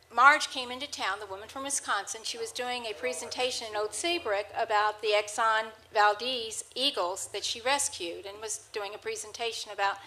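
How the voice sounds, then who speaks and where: A storyteller with a slightly high, pushed and bright voice rambles through anecdotes before a live audience in a presentation hall, frequently restarting. She speaks into a handheld microphone, and the audio quality is poor.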